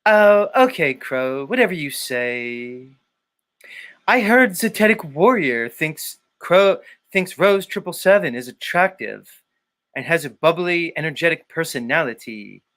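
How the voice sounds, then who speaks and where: A man doing an impression of a stiff, theatrical online show co-host who speaks in a slow, over-emphatic, robotic way. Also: on the high side, expressive, fairly bright tone. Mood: smug.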